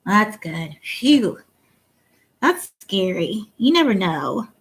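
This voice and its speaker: A woman's voice: medium pitch, big pitch swings, takes it slowly, low-quality recording. A woman hosting a casual livestream chat, reading viewer comments aloud and laughing often. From Ohio. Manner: chatty, giggly, reads comments aloud. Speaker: livestream host.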